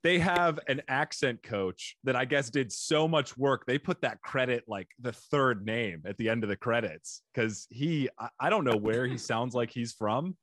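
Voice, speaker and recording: A man's voice: medium pitch, normal speed, hardly any pauses, a bit bright, no echo. A man hosting a podcast in a casual interview, laughing often and talking in long, rambling stretches. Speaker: podcast host.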